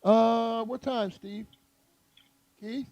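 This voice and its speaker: A man's voice: extremely high pitch, fairly even intonation, drawn-out words, creaky, a little mellow, dull audio. A man hosting a podcast in casual chat, laid-back and teasing. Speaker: podcast host.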